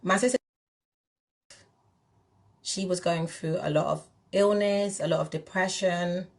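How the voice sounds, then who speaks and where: A woman's voice: on the low side, fairly even intonation, a little slow, a little mellow. A woman from England, a spiritual teacher talking candidly and emphatically straight to her viewers. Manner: direct, emphatic, addresses viewers as "you lot". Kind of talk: candid monologue to camera.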